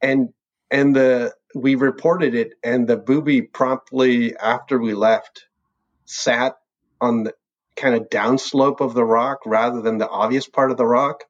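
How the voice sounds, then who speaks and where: A man's voice: mid-range voice, fairly even intonation, unhurried. A man, a birding tour leader, chatting casually and rambling through an old trip story, laughing often between phrases. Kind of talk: casual reminiscing chat. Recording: dull lo-fi sound.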